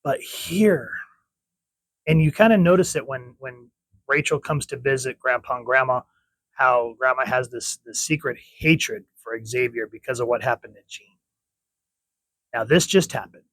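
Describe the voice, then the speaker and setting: Man reviewing comics, rambling, self-correcting, mid-pitched voice, dry close mic. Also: measured pace, a bit bright, dry recording, low-quality recording. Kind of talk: casual comic review monologue.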